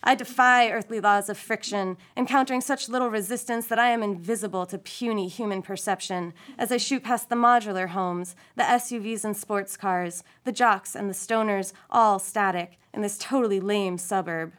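A woman reading a first-person short story aloud, with an expressive, playful delivery and wry asides. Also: medium pitch, normal speed, hardly any pauses. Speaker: story reader.

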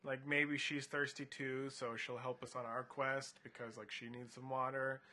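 A man's voice: medium pitch, flat delivery, pushed and bright. A man co-hosting a casual podcast, cracking puns and jokes while wearing headphones. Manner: joking, quick with puns. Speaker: podcast co-host. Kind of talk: casual chat. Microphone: headphones and studio mic.

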